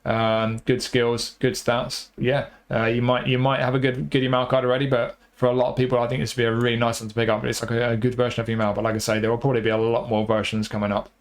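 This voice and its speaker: Male game reviewer, quick delivery, flat intonation, rambling with fillers. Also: medium pitch. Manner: rambling, repeats himself, many fillers. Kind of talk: casual commentary over gameplay.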